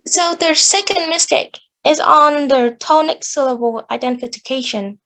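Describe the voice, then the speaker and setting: Woman, high voice, gravelly edge, careful academic presentation. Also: moderate pace, a bit bright, low-quality recording. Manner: careful, explanatory delivery with small restarts. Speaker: student presenter.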